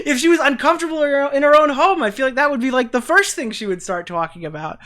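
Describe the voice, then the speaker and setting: A woman's voice: sits high, animated, a little fast, bright, forceful tone. A woman streamer giving live reaction commentary on an online drama, incredulous and swearing freely.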